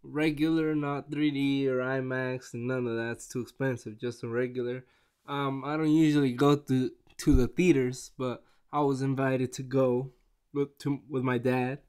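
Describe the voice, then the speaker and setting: Man, casual vlog chat, rambling, excitable, smooth voice, mid pitch. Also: moderate pace. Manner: rambling, excitable, many restarts. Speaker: vlogger reviewing a movie.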